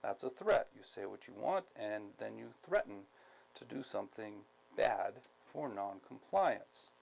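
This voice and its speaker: A man from the United States giving a skills training lecture, speaking deliberately, repeating key points, with many ums. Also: on the low side, expressive, vocal fry, poor audio. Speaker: instructor.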